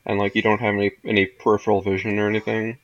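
Low-voiced man on a dull lo-fi recording. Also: monotone, very fast. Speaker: podcast co-host discussing a video game. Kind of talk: casual chat.

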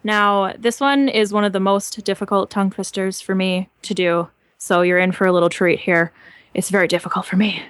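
Woman from Canada, podcast co-host, upbeat instructor, mid pitch, dry mic. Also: steady tone, normal speed, clear, resonant tone, dry recording. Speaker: podcast co-host teaching voice acting. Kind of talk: casual instructive podcast chat.

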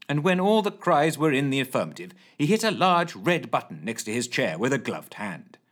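Lively narrator with a very animated voice. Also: mid-range voice, breathy edge. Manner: dramatic, voices many characters. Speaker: storyteller.

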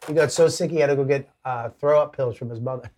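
A man's voice: medium pitch, fast, a little mellow, a little hiss or hum. A man chatting as a guest, teasing his friends and swearing freely. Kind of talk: casual chat.

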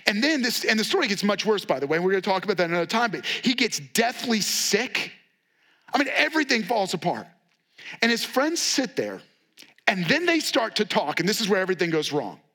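Bright, high-voiced man preaching a sermon. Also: a little fast. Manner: animated storytelling, acting out quotes with sarcasm. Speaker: pastor.

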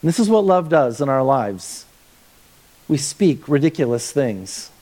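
A man's voice: medium pitch, big pitch swings, measured pace, dark tone. A man pastor preaching a conversational sermon, reading scripture and adding humorous asides.

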